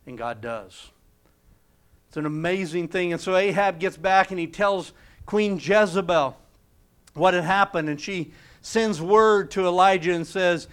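A man delivering a sermon with a smooth, resonant voice pitched a little above the usual. He tells a scripture story in the manner of a preacher, pushing some lines out with emphasis and dropping others to a hush. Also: unhurried.

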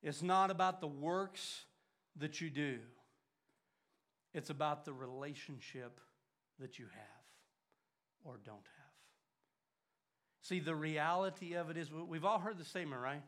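An older man preaching a sermon, swinging from loud urgent emphasis to hushed, near-whispered lines. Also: fairly high pitch, unhurried, pauses often.

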